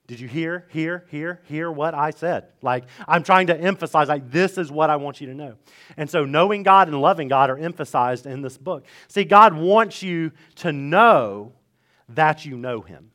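A pastor in his thirties preaches to his church. He talks in a loose, chatty way and repeats his key phrases slowly for emphasis. His voice sits a little higher than most men's. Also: a bit bright. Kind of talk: sermon. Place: church sanctuary.

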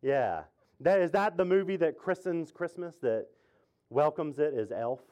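Man, pastor, casual sermon, joking, talks with the congregation, fairly high voice. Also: animated, measured pace, a little mellow. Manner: chatty, jokey, asks the congregation questions. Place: church sanctuary with congregation.

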